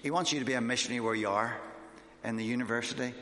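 Speaking very fast in a bright, forceful, medium-pitched voice, a missionary delivers an informal sermon and shares his testimony. The talk is conversational, with fillers and restarts, recorded in an echoey hall.

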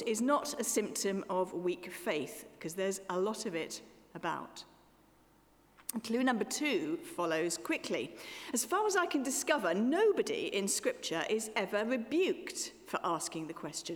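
A woman, a guest preacher delivering a sermon with expressive, rising questions that fall away to soft endings. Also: on the high side, normal speed. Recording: church with long reverberation.

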